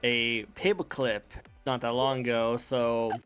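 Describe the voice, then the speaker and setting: A man from the United States hosts a casual online talk show in a goofy, rambling way, often repeating lines and trailing off into mumbles. His pitch sits in a middle range. Light music plays faintly in the background. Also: level tone, measured pace, fairly bright tone, clean tone. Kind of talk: casual interview hosting.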